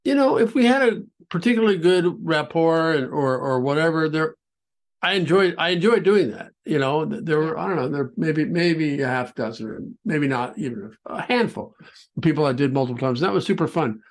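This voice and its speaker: A man talking casually on a podcast about his interviews, halting often and repeating words as he restarts sentences. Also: on the high side, animated.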